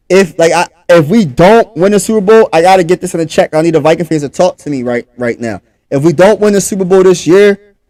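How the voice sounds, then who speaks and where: Hyped philly dude hosting a live sports chat, high voice, dry close sound. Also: male voice, darkish tone, no echo. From Pennsylvania. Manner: hyped, talks straight to the chat. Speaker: sports talk host. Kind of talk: casual livestream sports talk.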